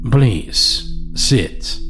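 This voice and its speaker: A man voicing a tall, urbane male mayor with an Eastern European accent, speaking in a baritone that turns smoothly courteous. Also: drawn-out words, fairly bright tone, soft background music. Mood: affable. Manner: curt, then smoothly courteous.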